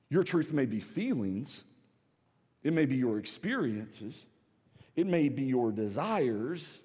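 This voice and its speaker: Southern pastor preaching in a reverberant hall. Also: male voice, breathy edge. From South Carolina. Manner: preaching with swings from soft low to loud emphatic. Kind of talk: sermon. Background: audience laughter.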